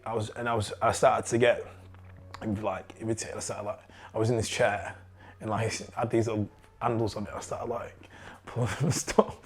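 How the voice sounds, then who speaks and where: A young man with a Yorkshire accent telling a personal story in a candid, halting way and swearing freely. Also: fairly low pitch, level tone, slightly rough.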